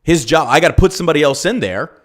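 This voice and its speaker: A Texas-based man who hosts a podcast and owns a business rants about politics in a slightly high, animated voice, talking fast. He swears freely and fires off one heated rhetorical question after another.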